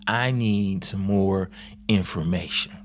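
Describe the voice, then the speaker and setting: Thomas , as a man puts him on, slowing everyone down. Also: low voice, slight background noise. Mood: insistent. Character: cautious skeptical male disciple asking for proof.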